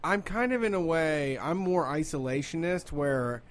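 A man's voice: a little high, lively intonation, measured pace. Blunt offhand male co-host. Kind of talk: casual radio talk.

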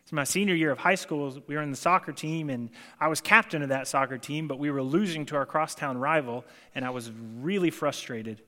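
A man's voice: a little high, a little fast, hardly any pauses, pushed and bright. A young adult man preaching a sermon in a conversational, self-deprecating way, acting out the quotes he tells. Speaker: pastor. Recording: long hall reverb.

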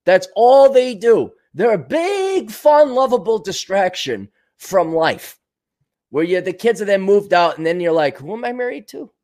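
Animated rambling male host. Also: high voice, unhurried. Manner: animated, digressive, laughs often, swears. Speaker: show host. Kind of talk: casual rambling monologue.

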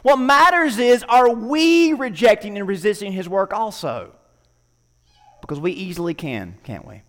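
High-voiced preacher in a reverberant hall. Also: male voice, animated, unhurried. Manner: conversational storytelling, acts out dialogue. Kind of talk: sermon.

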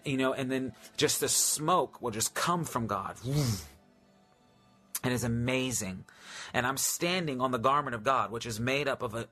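This preacher's mid-range, bright voice carries a forceful tone as he reads scripture on a live stream. His reading is fervent and stretched out, with frequent repetition of phrases.

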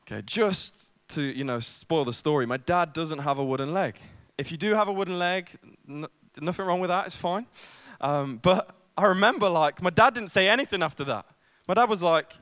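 Brief: young male preacher, slightly high voice, casual sermon full of ums and asides, close and dry. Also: expressive, brisk, fairly bright tone, no room sound. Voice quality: casual, self-deprecating, filler-heavy delivery. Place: church service.

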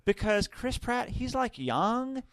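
A man's voice: extremely high pitch, very animated, takes it slowly, no room sound, clean studio sound, voice pushed up, exaggerated voice. A man imitating a chirpy teenage girl barista, drawling and peppering her talk with "like.". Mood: gushing. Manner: breathy valley-girl drawl full of "like".

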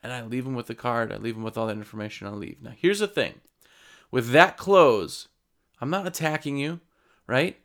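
Speaking at a moderate pace with a medium-pitched, slightly bright voice, a man shares informal sales advice from running his window cleaning business. He addresses the camera conversationally and dramatizes customer conversations.

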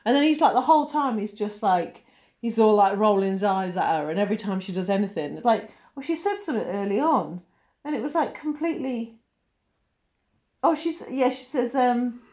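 A woman co-hosting a podcast in casual chat, animated, swearing and laughing often. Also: on the high side, fairly quick. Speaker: podcast co-host.

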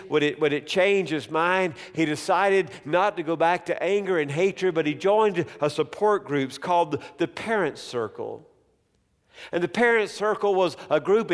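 A male preacher delivers a sermon in a slightly high voice, pacing his words slowly and deliberately. He repeats key phrases for emphasis, and his voice rings out with long reverb in a church hall.

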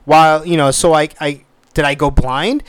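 Animated, profane man in his thirties. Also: on the high side, moderate pace, clear, resonant tone, dry recording. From United States. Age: 30s. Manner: animated, swears freely, acts out quoted voices. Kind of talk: casual storytelling.

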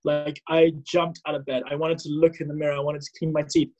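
A man from South Africa in his thirties, telling a personal story as a podcast guest, animated and full of fillers. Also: a little high, fairly quick, highs cut off. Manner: animated, acts out his own past dialogue, many fillers and restarts. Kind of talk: casual storytelling.

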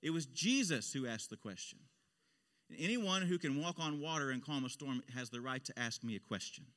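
A man's voice: mid-range voice, lively intonation, normal speed, fairly bright tone, big-room sound. A male pastor preaching a sermon in an impassioned style, his voice swelling on key phrases. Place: church sanctuary.

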